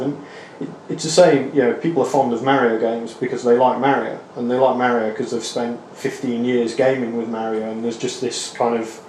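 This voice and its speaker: A man's voice: mid-range voice, darkish tone. A man being interviewed as a game developer, talking with enthusiasm and many fillers. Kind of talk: interview clip. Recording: echoey room with faint noise.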